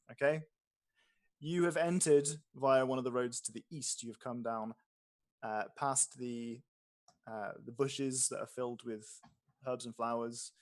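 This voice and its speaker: Man narrating as game master. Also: mid-range voice. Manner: descriptive, with frequent fillers and restarts.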